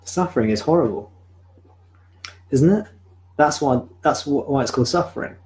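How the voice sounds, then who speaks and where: A man, a spiritual teacher, speaking calmly and reflectively at a live-streamed home satsang into a sensitive desk microphone. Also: mid-range voice, low-quality recording. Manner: calm, reflective, answers viewer questions slowly. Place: home room.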